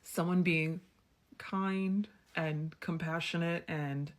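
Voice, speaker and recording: A woman's voice: sits low, fairly even intonation, slow. A woman in her thirties tells a candid personal story in a chatty way, full of fillers. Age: 30s. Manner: chatty and frank, many fillers like "like" and "um". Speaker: storyteller vlogger.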